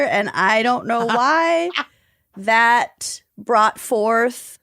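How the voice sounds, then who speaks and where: A woman's voice: a little high, expressive, drawn-out words, a bit bright, no echo, clean studio sound. A woman co-hosting a podcast in casual chat, talking in a giggly, self-deprecating way. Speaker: podcast co-host.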